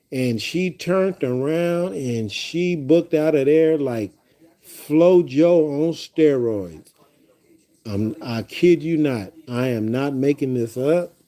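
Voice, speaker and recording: A man chatting on his own livestream, spinning loose stories for his viewers. He rambles, circles back, repeats words and addresses the audience directly, in an easy mid-pitched voice. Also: dark tone. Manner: rambling, repeats phrases, talks straight to viewers. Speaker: livestream host. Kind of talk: casual storytelling to a live chat.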